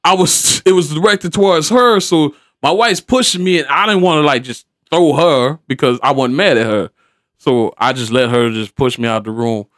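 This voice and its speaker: A man's voice: fairly high pitch, normal speed, dry recording, studio quality. A middle-aged man, a stepfather, telling a family story in casual, slangy talk full of profanity, acting out what each person said. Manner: animated, profane, slangy, acts out what people said.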